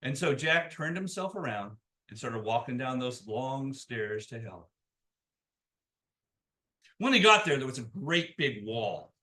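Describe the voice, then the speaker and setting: A man telling a folk tale at a live story swap, folksy and full of chuckles. He speaks slowly with a bright tone and a very lively, swooping pitch.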